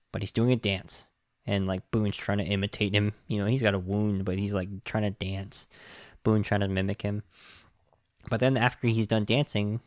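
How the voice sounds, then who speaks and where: A man's voice: on the low side, no room sound, clean studio sound. A man hosting a podcast, reviewing a film in a casual, sarcastic, exasperated way, swearing now and then.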